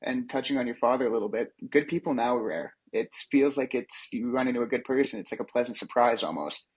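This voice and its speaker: A man's voice: mid-range voice, quick pace, a little mellow, slightly rough, poor audio. A man hosting a podcast interview, talking bluntly in casual chat, set back from the mic. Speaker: podcast host.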